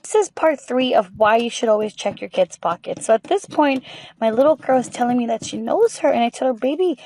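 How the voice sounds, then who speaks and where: A woman's voice: on the high side, animated, fairly quick, mellow. A mother telling a storytime in a rambling, casual way, with many fillers.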